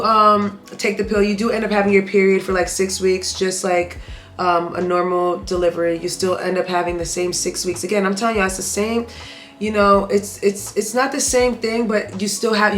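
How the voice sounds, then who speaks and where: Candid, bright-voiced woman telling a story. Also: mid-range voice. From Haitian family. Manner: candid, emphatic, addresses viewers directly. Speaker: vlogger. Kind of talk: storytime vlog.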